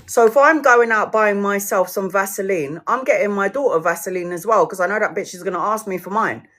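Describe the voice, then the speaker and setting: A woman's voice: medium pitch, a little fast, a bit bright, slight background noise. A woman, ranting casually to her viewers, swearing freely and laughing often as she acts out what others said. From United Kingdom. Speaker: tarot livestreamer.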